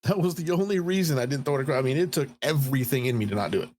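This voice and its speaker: A man's voice: mid-range voice, very fast, a little mellow, slight background noise. A man in his thirties on a podcast, telling a story in a profane, heated way. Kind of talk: casual podcast chat.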